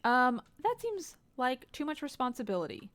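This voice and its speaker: A woman's voice: sits high, sing-song, moderate pace, a bit bright. A woman streaming a game, reacting anxiously and reading the game's dialogue aloud in casual commentary. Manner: reactive, anxious exclamations while playing.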